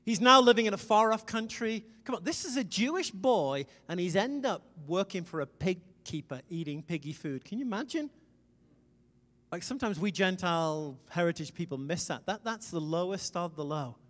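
A middle-aged man from Wales preaching a conversational sermon, emphatic, with sudden loud swells. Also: high-pitched, lively intonation, normal speed. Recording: long reverb in a large hall.

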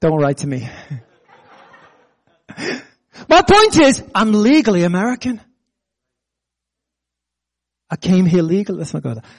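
A middle-aged man with a British accent preaches with a fairly high, bright-edged voice. He jumps from quick, punchy jokes to slower, weighty lines. He keeps a lively, conversational pulpit manner. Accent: British English. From Britain. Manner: animated preaching with self-deprecating jokes and laughter. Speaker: pastor. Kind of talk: sermon.

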